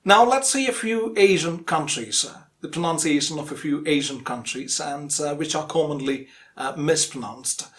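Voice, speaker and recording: A young man from India teaching English pronunciation, explaining patiently and repeating each word slowly several times. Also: on the high side, fairly bright tone. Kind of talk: instructional explanation.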